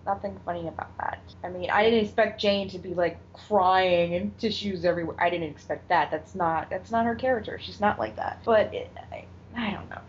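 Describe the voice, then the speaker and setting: A woman's voice: lowish voice, a little fast. A woman co-hosting a podcast, animatedly retelling a TV episode in casual chat and acting out the characters' lines. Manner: animated retelling, acts out quotes, swears. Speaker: podcast co-host. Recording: dull lo-fi audio with faint noise.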